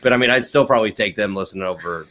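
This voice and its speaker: This man is a guest on a casual podcast and speaks at a low pitch. His talk is rambling and profane, and he laughs easily as he goes. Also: racing, sharp tone. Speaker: podcast guest and host of another podcast.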